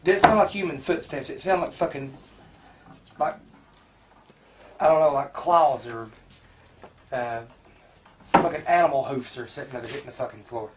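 A man's voice: medium pitch, moderate pace, long pauses, distant mic. A young man, cursing and rambling on a home video in a house at night. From Tennessee, US. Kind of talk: shaken home video talk. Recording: noisy home camcorder, from afar.

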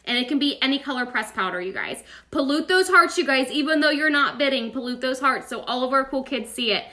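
A woman with a drawl hosts a live online auction, calling out bidders by name in a chatty, playful way. Her voice sits high and comes across bright and sharp, with laughter never far off. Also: expressive, fairly quick. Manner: chatty, upbeat, calls out bids by name. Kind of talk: casual live-stream auctioneering.

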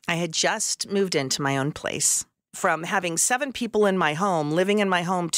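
A woman's voice: low-pitched, a bit bright, no room sound, clean studio sound. A middle-aged woman telling her personal faith story, earnest and heartfelt. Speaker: podcast host sharing her testimony.

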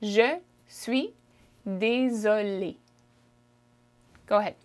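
Speaking in a mid-range voice, a woman with a Canadian French accent models French phrases for her listener to repeat. She says them slowly and drawn-out, with repeated "okay?" checks throughout the lesson.

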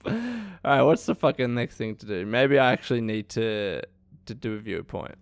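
A young man giving excitable, swearing let's play commentary, laughing often. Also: fairly low pitch, moderate pace. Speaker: gaming youtuber.

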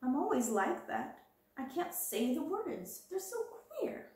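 A woman voicing a timid, admiring schoolgirl who asks slow, breathless questions in a storybook reading. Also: high-pitched, sing-song, darkish tone, very echoey, distant mic, pitched above the performer's own voice, heavily acted. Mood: awed.

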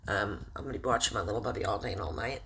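A man's voice: lowish voice, racing. A middle-aged man at home reading news aloud with his own commentary. He stumbles over foreign place names and spells them out. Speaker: Christian video host. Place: room in a house. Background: faint background noise.

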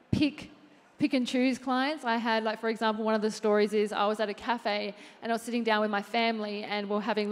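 A woman with a slightly high voice answers questions on stage in a chatty, unassuming way, leaning on fillers and "I guess". Her words ring out with a long reverb in a large hall. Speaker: fitness trainer, interview guest. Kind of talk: live on-stage interview talk to an audience. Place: large event hall with audience.

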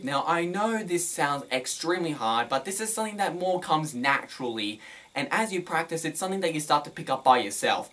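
A man's voice: on the high side, a bit bright. A man giving casual advice in a vlog, talking with energy and emphasizing his words, recorded in his bedroom. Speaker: film review vlogger.

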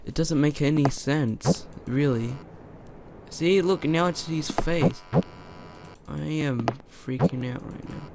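A young man doing let's play commentary on a horror game, excitable, chatting to the characters and yelling when startled. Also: a little high, slow, gravelly, noisy background. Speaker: gamer.

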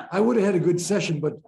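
A man teaching a group about breathwork in a gentle, playful way, often laughing as he talks. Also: high voice, vocal fry. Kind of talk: informal group teaching talk. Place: training room with a group.

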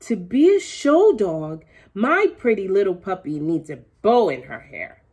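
A woman voicing a stubborn young farm girl in a storybook read-aloud, talking high and insistent. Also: very animated, unhurried, a little mellow, breathy edge. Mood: stubborn, proud.

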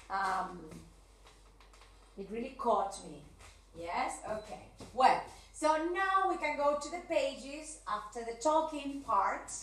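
A woman teaching an English lesson on video. She speaks slowly and hesitantly, often checking in with "yes?" and "okay?". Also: fairly high pitch, fairly bright tone, slight background noise. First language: Spanish. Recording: echoey room, mic far away.

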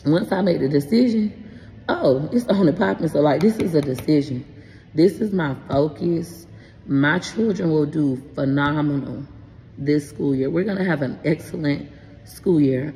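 Brief: frank, animated mom in her thirties, low mellow voice, echoey room with faint hiss. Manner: frank, animated, swears casually. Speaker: content creator and parent. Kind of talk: casual vlog explaining homework help.

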